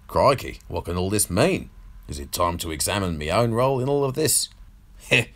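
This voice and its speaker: Guy putting on a foul-mouthed old aussie media mogul, gloating and sneering, lowish voice. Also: big pitch swings, normal speed, noisy background. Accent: put-on Australian. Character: crude, sneering elderly male media baron. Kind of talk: comedy podcast monologue.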